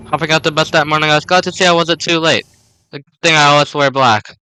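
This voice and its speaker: A young man reading a story game's dialogue aloud in an even, unhurried way at his desk mic. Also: fairly high pitch, clear, resonant tone, no room sound. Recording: noisy home recording.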